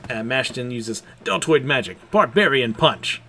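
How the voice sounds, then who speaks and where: A young man talks through story chapters in a casual way, stopping for small laughs and filling pauses. His pitch rises and falls widely, and his pitch sits in a middle range. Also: slight background noise. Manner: animated, chuckles often, hesitant fillers. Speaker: manga reviewer.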